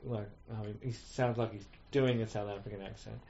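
A man's voice: lowish voice, fairly even intonation, a little fast, vocal fry, darkish tone. A man chatting casually as co-host, rambling and acting out quoted voices. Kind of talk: casual chat. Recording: muffled lo-fi recording.

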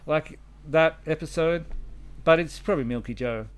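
A man's voice: mid-range voice, moderate pace, smooth. A man hosting a podcast in casual chat, rambling with restarts. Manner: chatty, rambling, with restarts and laughter. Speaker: podcast host.

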